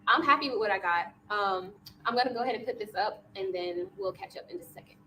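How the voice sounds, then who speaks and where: Relaxed woman vlogging with faint noise. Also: medium pitch, fast talker. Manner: relaxed, says y'all, excited. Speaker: vlogger, teacher. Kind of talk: casual home vlog.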